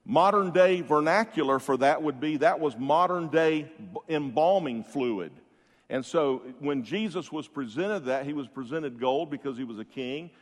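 A man's voice: a little high, long reverb tail. A man preaching a sermon as pastor, building to emphatic rises and stretching out key words, with frequent restarts.

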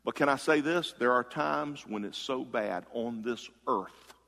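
A male pastor delivers a sermon in a conversational way, with quick asides to the congregation. His voice has a rough, gravelly texture, and it swings between loud bursts and low, quiet passages. A long reverb trails each phrase in the big room.

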